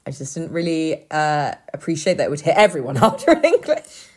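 A woman's voice: low-pitched, very animated, a little fast, darkish tone. A young woman co-hosting a podcast in casual chat, rambling with many fillers and crude jokes. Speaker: podcast co-host.

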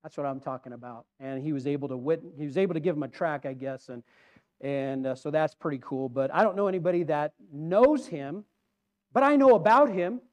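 A man's voice: fairly high pitch, a little fast, darkish tone. A man preaching a conversational sermon, rambling and putting questions to the congregation.

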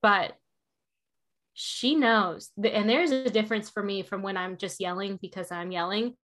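A woman and mother hosting a casual chat, frank and animated, swearing freely. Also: medium pitch, normal speed.

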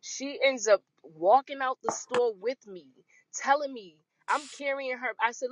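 A woman hosting a podcast, telling a personal story in a frank, animated way and acting out the people in it. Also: sits high, a little slow. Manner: animated, acts out quoted voices, frank. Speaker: podcast host. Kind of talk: casual storytelling chat. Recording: muffled lo-fi recording.

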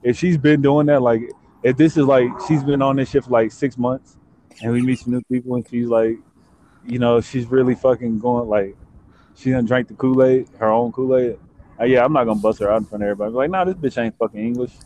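A man's voice: medium pitch, fairly even intonation, a little fast, mellow, slight background noise. A man guest on a podcast, speaking bluntly and profanely while laughing at his own answers, joining by phone from his car. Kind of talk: casual chat. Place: car, driving.

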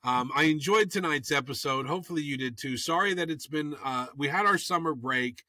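A man co-hosting a podcast, talking loudly and teasing his co-host in casual chat. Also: on the high side, fairly quick, no room sound, studio quality. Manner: loud, animated, teasing.

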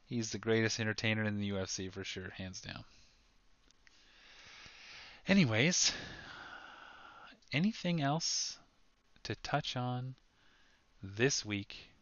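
A man co-hosting a casual sports podcast, excitable and quick to laugh, often restarting his sentences. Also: on the low side, dry recording, lo-fi sound. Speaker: podcast co-host.

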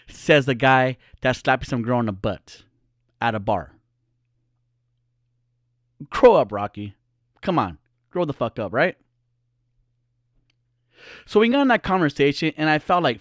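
A man's voice: mid-range voice, sing-song, unhurried, pauses often, no room sound, studio quality. A man who is a podcaster and social media personality, telling a story as a casual monologue. He talks in a profane, ranting way.

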